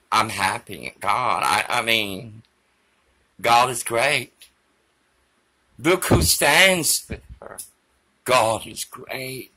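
A man's voice: medium pitch, bright, forceful tone. A man giving a theatrical, emphatic political monologue. His voice is failing, and he slips Spanish phrases and prayer into it.

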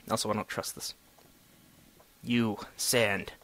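A young man narrates his solo gameplay in a chatty, sarcastic ramble, scolding and coaxing the objects around him. His voice sits at an ordinary middle pitch. He is recorded close on a desk microphone. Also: lively intonation, normal speed, long pauses, fairly bright tone. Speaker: gamer.

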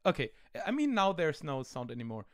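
A man with a German accent chatting through a retro game on an online call, his voice a bit higher than most men's. He rambles with lots of fillers and an amused, joking tone. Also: very animated, brisk. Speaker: host. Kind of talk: casual game commentary.

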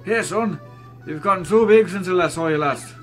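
A cheerful old turtle father with a put-on Scottish accent, as a man voices him. He talks in a hearty, chatty, folksy way, bright and a little high. Game dub with a homemade feel. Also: animated, moderate pace, faint music behind.

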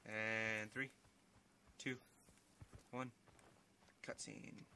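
Profane, excitable man commenting on gameplay. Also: lowish voice, very slow, gravelly. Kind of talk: let's play commentary. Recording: voice over loud game gunfire noise.

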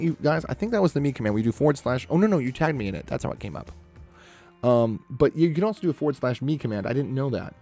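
With a mid-range, darkish voice, this artist streams himself drawing and makes casual conversation with viewers. Between strokes he rambles and mutters under his breath.

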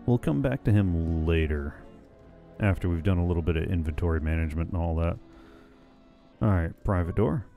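A man with a low voice hosts a let's-play, chatting casually over a video game. He thinks aloud in a relaxed, wry way as he decides what to do next. Faint game music runs underneath his talk. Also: a little fast, creaky. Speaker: gaming let's-play host.

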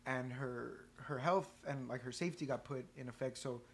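A man co-hosting a casual podcast, telling a story in an animated, profane way. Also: medium pitch, normal speed, vocal fry, a little hiss or hum. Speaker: podcast co-host, band member.

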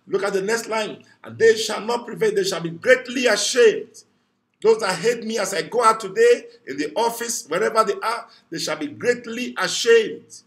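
A fervent pastor with a high-pitched voice leads a morning prayer. He preaches in repeated declarations and breaks into praying in tongues. He calls his listeners to decree the verse aloud. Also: normal speed, fairly bright tone. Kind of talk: morning devotional prayer and sermon.

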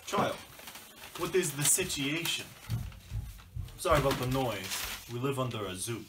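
A man playing an eccentric, melodramatic father in a comedy sketch, talking theatrically and swinging from hushed whispers to loud outbursts. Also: mid-range voice, expressive, unhurried, noisy background, natural voice. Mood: coaxing.

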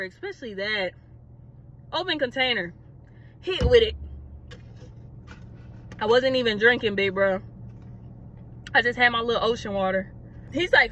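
Brief: young woman, high and bright voice, dramatic, animated storytime delivery. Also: slight background noise. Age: young adult. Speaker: vlogger. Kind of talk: casual storytime.

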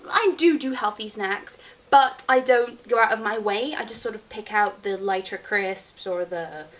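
A woman's voice: mid-range voice, a little slow. A young woman chatting casually as a vlogger, giggling and rambling as she answers viewer questions. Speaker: beauty vlogger. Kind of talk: casual Q&A chat.

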